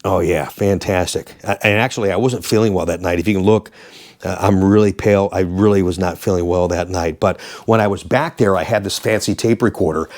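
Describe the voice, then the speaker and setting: A man in his sixties, a former radio DJ and host, telling rambling, animated anecdotes casually. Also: low-pitched, fairly quick. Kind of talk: casual storytelling.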